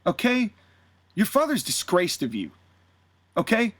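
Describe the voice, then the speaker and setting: A man's voice: high-pitched, wildly swooping pitch, measured pace, no echo, full character voice. A man voicing a cocky young male wrestler who taunts and mocks a rival with swearing insults. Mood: sneering.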